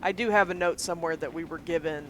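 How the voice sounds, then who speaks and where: A woman chatting casually as a player in a tabletop game, laughing often and breaking into quick asides. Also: lowish voice, a bit bright, a little hiss or hum.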